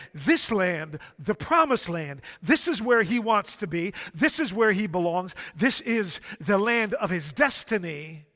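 A man's voice: high-pitched, sharp tone. A man preaching a sermon, building emphatic points through repetition. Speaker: pastor. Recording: long hall reverb.

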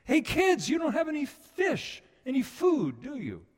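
A preacher putting on a friendly voice hollering from shore. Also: male voice, wildly swooping pitch, measured pace, heavily acted. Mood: affectionate calling. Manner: high, loud, friendly shouting. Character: man calling out affectionately from shore to tired fishermen. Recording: long reverb of a large hall.

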